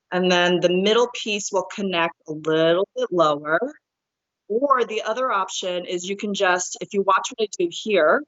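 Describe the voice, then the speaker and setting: Woman colorist teaching a live hair-painting demo. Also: mid-range voice. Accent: American, sometimes Northeastern. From born in Korea, raised in New Jersey. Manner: steady, explanatory, walks through each step. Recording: dull lo-fi livestream audio.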